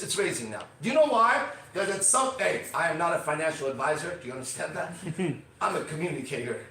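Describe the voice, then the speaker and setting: A man hosting a podcast, ranting with intensity and swearing, swinging between shouts and low murmurs. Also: far from the mic, a little hiss or hum. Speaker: podcast host. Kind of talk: fiery motivational podcast rant. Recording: echoey room, voice from off mic.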